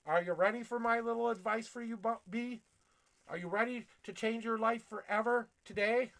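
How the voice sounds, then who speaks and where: A man giving a blunt, profane tarot reading on a livestream, preaching at his viewers and working himself up to yelling. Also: extremely high pitch, normal speed. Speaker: tarot reader.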